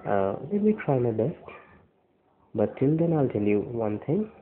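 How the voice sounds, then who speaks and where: A man's voice: medium pitch, sing-song, slight background noise. Tender man, tinny phone-like recording. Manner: tender, earnest, halting with restarts. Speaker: boyfriend recording a love message. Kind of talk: personal video message.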